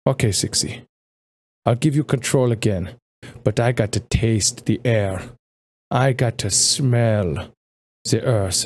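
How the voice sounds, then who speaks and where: A man's voice: fairly low pitch, a little mellow, heavily acted. A man voicing a sinister, manipulative male spirit who has taken over someone's body and talks in a silky, menacing way.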